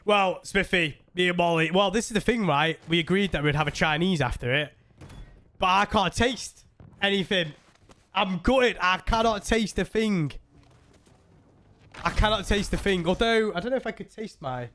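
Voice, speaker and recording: Male game streamer: high, bright voice, chatty and rambling with viewers. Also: moderate pace. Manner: rambling, laughing storyteller talking to chat. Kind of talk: casual live-stream chat.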